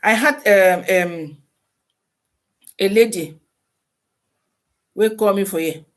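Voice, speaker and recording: A woman with a Nigerian Pidgin English accent, hosting a casual live-stream advice talk, animated and full of rhetorical questions. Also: medium pitch, slow.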